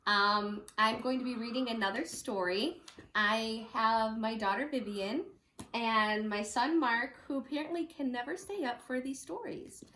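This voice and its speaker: A woman teacher reading a picture book aloud at home, with lively, chatty asides for children. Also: on the high side, unhurried, roomy sound. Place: home room.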